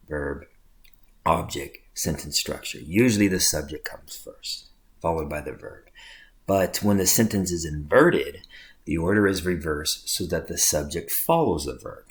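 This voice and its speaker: Male English instructor, very low voice, patient explanatory lecture delivery. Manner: explanatory, checks in with "right?". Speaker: English teacher. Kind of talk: recorded lecture.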